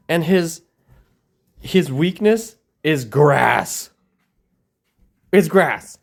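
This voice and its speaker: A man casually commenting on his own card game, animated and self-mocking. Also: on the high side, slow pace, vocal fry, long pauses. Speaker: host, card game player.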